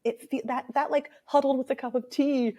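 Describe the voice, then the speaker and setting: A woman's voice: sits high, fairly quick. Woman, 30s, talkative dialect coach, casual interview storyteller. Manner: chatty, animated storyteller. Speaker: speech and dialect coach, author.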